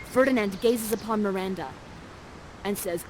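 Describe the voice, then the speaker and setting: A woman's voice: mid-range voice, expressive, measured pace, a little hiss or hum, rough recording. A woman guiding players through an interactive play, upbeat and teasing, speaking into a headset mic. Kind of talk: playful stage direction.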